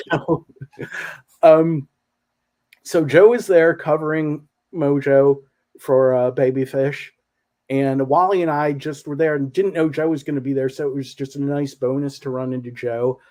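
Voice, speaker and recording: A man co-hosting a podcast, telling stories in an animated, enthusiastic way in casual chat. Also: fairly high pitch, unhurried. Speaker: podcast co-host.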